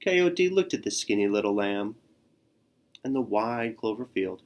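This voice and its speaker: A man reading a children's picture book aloud, expressive and adding little sound effects. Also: fairly low pitch, unhurried. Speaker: storyteller.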